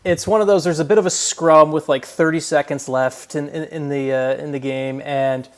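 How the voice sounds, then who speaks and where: A man's voice: fairly high pitch, fairly even intonation, moderate pace. A man, a guest reporter, telling a story in casual podcast talk, rambling with restarts and laughing along.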